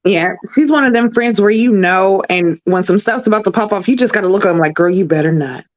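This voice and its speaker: A woman co-hosting a casual recap chat, sassy and animated, calling everyone girl. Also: mid-range voice, fairly quick, muffled recording. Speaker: podcast co-host.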